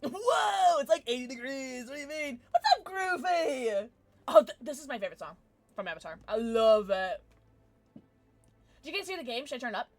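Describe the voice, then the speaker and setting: A giggly young woman chatting with her stream viewers. Her voice sits a little high and swings widely, bubbly one moment and softly mumbling the next. She keeps up a casual, chatty flow with her audience. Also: animated, a little fast. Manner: jumps between soft mumbles and loud squeals. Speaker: livestreamer. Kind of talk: casual live-stream chat.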